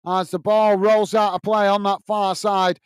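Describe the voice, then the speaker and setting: Upbeat high-voiced man calling football live. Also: flat delivery, unhurried, smooth, no echo. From United Kingdom. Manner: upbeat, reads out viewer messages and calls the play. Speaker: watch-along host. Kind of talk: live football commentary and chat reading.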